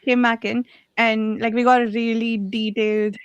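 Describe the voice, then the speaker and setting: A woman leading a casual book club discussion, chatty and quick to laugh, often correcting herself mid-sentence. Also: a little high, flat delivery, smooth, no room sound, lo-fi sound.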